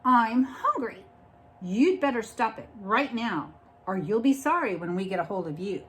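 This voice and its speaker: A woman's voice: a little high, lively intonation, moderate pace, a bit bright, a little hiss or hum. A woman voicing a hungry, bossy chick in a storybook, scolding and threatening.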